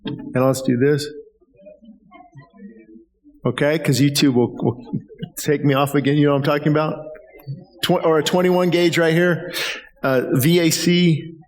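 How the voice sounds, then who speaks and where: A man's voice: fairly high pitch, steady tone, unhurried, pauses often. A man, a pastor hosting a casual health Q&A, asking questions in a conversational way with fillers and hedges. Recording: long hall reverb.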